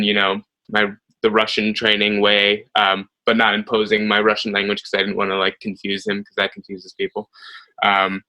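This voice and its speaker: An American man in his thirties, talking through his career in a relaxed interview. His voice sits fairly low but comes across bright and forceful. He tells stories in an animated way, with plenty of ums and little laughs. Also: rough recording. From United States. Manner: animated storytelling with frequent fillers and laughs. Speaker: ballet soloist guest. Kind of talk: conversational interview.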